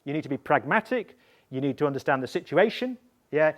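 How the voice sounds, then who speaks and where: A man teaching in a lecture style, going slowly, restating points and checking understanding with a questioning "yeah?". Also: fairly high pitch, lively intonation. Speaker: evaluation trainer.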